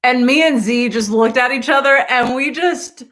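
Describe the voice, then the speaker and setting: A woman's voice: high-pitched, moderate pace, fairly bright tone. A young woman vlogger telling a rambling story to her viewers with lots of asides and laughter.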